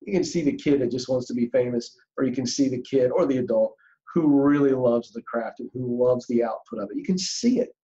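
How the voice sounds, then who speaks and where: Middle-aged male podcast guest, warm dark tone, earnest and emphatic, slightly muffled lo-fi recording. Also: medium pitch, steady tone, brisk. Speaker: career coach guest. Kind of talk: podcast interview.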